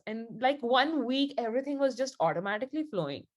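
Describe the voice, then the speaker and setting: A woman's voice: a little high, animated, fast talker, a little mellow. Woman, session leader, chatty, casual storytelling, laughs often.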